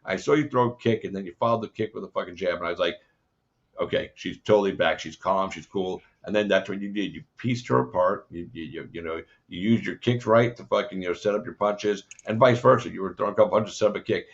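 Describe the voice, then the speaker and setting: Deep-voiced man rambling as interview host. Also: quick pace, gravelly, few pauses. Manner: rambling, profane, many fillers. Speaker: podcast host. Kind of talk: casual interview. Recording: dull lo-fi audio.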